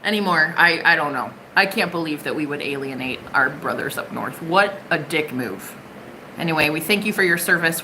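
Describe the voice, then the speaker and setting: A woman's voice: mid-range voice, sharp tone, a little hiss or hum, rough recording. A young woman from the United States giving a live-stream tarot reading, chatty and bubbly with plenty of swearing. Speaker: tarot reader.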